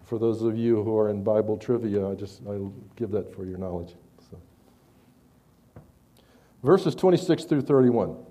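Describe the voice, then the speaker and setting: A man preaching a sermon, conversational with stammered restarts, rising loud when he reads scripture. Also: on the low side, normal speed, pauses often.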